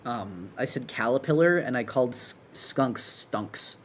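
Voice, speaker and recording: Man, streamer, casual chat while drawing, rambling, self-correcting, medium pitch. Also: expressive, moderate pace, a little hiss or hum. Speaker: streamer and artist.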